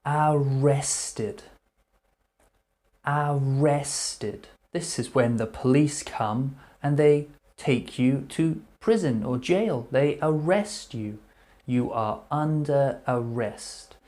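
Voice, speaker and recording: A man giving a slow, careful English vocabulary lesson. He speaks at an unhurried, measured pace and repeats each word before explaining it in plain terms, with a mid-range voice. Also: mid-range voice, animated, mellow. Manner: repeats words slowly and clearly, explaining meanings. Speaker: English teacher.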